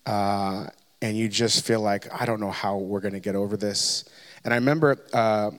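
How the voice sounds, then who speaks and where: A man's voice: lowish voice, steady tone, normal speed. A man, a pastor in his thirties, telling a candid, self-deprecating personal story as a sermon, with frequent restarts. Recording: long hall reverb.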